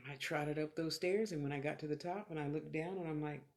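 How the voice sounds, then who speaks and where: A woman's voice: low voice, steady tone, fairly quick, darkish tone. Candid earthy middle-aged woman. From California. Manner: candid, earthy, swears freely, talks in short reflective bursts. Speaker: clairvoyant medium answering viewers. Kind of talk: live-streamed motivational talk and readings.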